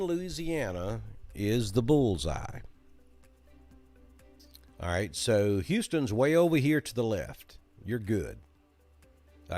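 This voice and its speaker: A man's voice: mid-range voice, darkish tone. A middle-aged man from Alabama with a Southern accent, hosting a casual live weather chat in a folksy, chatty way. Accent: Southern American, Alabama.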